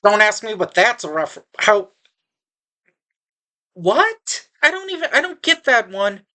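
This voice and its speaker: A woman's voice: medium pitch, very animated, measured pace, pushed and bright. A woman giving a casual spoken movie review, sarcastic and exasperated, rambling with frequent restarts.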